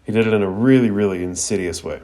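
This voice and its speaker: A young man with a lowish voice recaps an anime episode in a casual podcast. He talks in a laid-back, slangy way and leans on fillers as he goes. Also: fast, dark tone.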